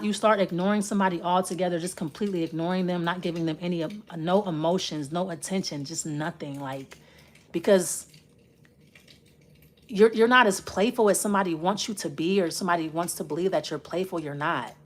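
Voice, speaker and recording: A woman's voice: on the low side, a little fast. Blunt, profane woman reading tarot. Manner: blunt and profane, talking straight to the listener; rambling, with many restarts while reading cards. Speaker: tarot reader. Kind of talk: casual spoken tarot reading.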